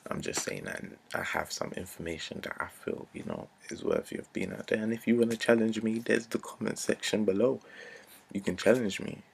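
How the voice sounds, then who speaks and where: A man's voice: on the low side, sing-song, a little fast, creaky, slightly rough. A man, ranting earnestly to camera, repeating himself and dropping to a near-whisper at times. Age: 20s. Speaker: vlogger. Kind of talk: unscripted rant to camera.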